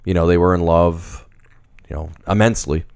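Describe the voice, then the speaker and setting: A man with a low, smooth, resonant voice, rambling through a film plot in easy chat. He leans on fillers and restarts as he tells it. The sound is dry and close. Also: fairly even intonation, normal speed, a little mellow, no room sound. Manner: rambling, filler-heavy storytelling. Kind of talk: casual movie recap chat.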